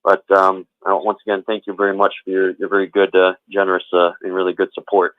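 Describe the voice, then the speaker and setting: A male caller phones in to say goodbye, rattling off thanks again and again. He talks quickly in a fairly low voice. The line sounds dull and lo-fi. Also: completely flat delivery, no room sound. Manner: repetitive, effusive thanks.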